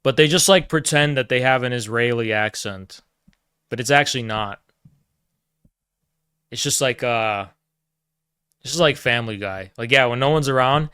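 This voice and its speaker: A man's voice: moderate pace, pauses often, sharp tone, smooth, dry recording, studio quality. A man ranting casually and sarcastically, profane and mocking. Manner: sarcastic, mocking, slips into high put-on voices. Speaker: political streamer.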